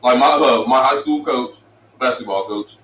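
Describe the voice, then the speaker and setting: A loud profane middle-aged man, roomy distant mic. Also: mid-range voice, moderate pace, a little hiss or hum. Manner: profane, animated storytelling with put-on quoted voices. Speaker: co-host. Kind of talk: casual podcast banter.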